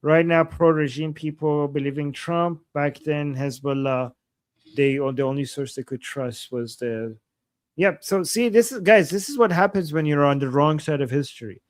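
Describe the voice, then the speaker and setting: A man's voice: a little high, moderate pace, no echo, studio quality. A man co-hosting a live stream in casual chat, rambling and restarting his sentences with lots of "like.". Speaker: co-host of a live analysis stream.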